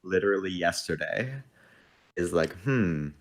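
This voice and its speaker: A man with a very low voice that still swings widely in pitch co-hosts a live stream. He cuts in with short, dry, teasing comments. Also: expressive, unhurried, crowd noise. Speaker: stream co-host and moderator. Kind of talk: casual live-stream chat.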